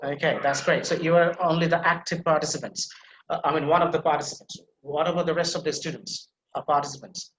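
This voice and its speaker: A man's voice: fairly high pitch, steady tone, fast, a bit bright, roomy sound, low-quality recording. A man with a Bangladeshi English accent teaching an English pronunciation class over a video call, explaining with many fillers and restarts and calling on students. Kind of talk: online class lecture.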